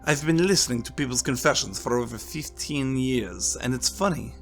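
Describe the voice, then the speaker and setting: A man voicing a calm priest with a French accent, speaking warmly and slowly in a soft, deep voice. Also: vocal fry, faint music behind. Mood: musing. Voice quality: warm and deep, soft-spoken. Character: priest, calm middle-aged man, gentle talker.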